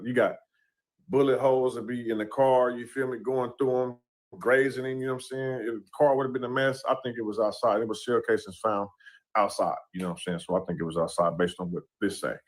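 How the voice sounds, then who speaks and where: Laid-back man breaking down a case. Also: mid-range voice. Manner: laid-back, leans on "you know what I'm saying". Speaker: commentator discussing a court case. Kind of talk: casual commentary.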